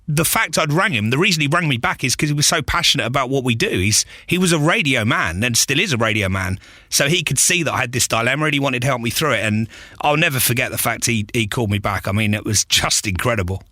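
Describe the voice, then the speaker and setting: A man's voice: medium pitch, pushed and bright, no room sound, studio quality. A man, a radio presenter, telling stories in a casual interview, acting out quotes and laughing often. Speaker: radio presenter, podcast guest.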